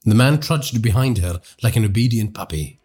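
A man narrating a horror story for a podcast in a hushed, dramatic storytelling manner. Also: on the low side, animated, normal speed, breathy edge.

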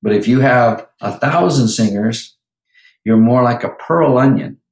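A man's voice: medium pitch, measured pace, reverberant, low-quality recording. A man who works as a vocal coach, talking animatedly in a podcast interview and breaking into sung lines now and then.

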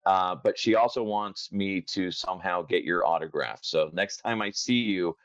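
A man in his thirties hosts a casual podcast interview in a very low voice, friendly and stumbling over his starts. The recording is dry and a little dull, with no room sound. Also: moderate pace, a bit bright, no room sound. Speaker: podcast host.

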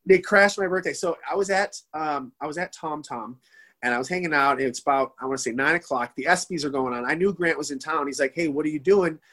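A man in his forties telling stories excitedly in a casual podcast chat, rambling with many restarts. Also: on the high side, a little fast. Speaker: podcast guest. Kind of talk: casual storytelling.

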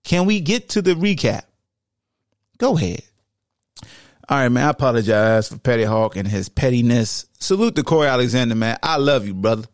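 A man's voice: mid-range voice, expressive, normal speed, no echo, studio quality. A man hosting a podcast, giving a casual, joking football recap that runs through game stats in a loose, conversational way. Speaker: podcast host.

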